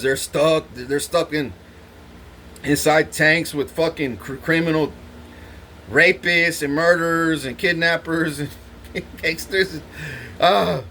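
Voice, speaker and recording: High-voiced, swaggering, profane man. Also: fairly bright tone, slight background noise. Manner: boastful, swears constantly, laughs between lines. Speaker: vlogger. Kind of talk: rambling profane storytelling.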